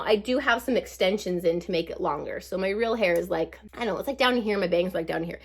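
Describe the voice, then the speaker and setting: A woman in her forties chatting through a life update while putting on her makeup, bubbly and rambling with lots of asides. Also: mid-range voice. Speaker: beauty vlogger.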